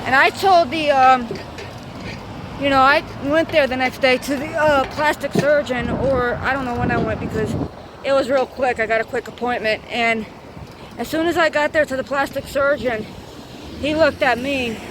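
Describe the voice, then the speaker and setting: A high-pitched woman in her thirties rambles through a profane, repetitive storytime. She is outdoors on a bike, and loud street traffic runs under her voice. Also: fairly even intonation, moderate pace. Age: 30s. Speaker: vlogger. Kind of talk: storytime vlog.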